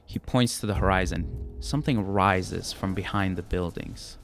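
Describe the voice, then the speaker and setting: A man's voice: sits low, normal speed, gravelly, few pauses. A man narrating as game master, describing scenes in detail and sometimes repeating words as he thinks.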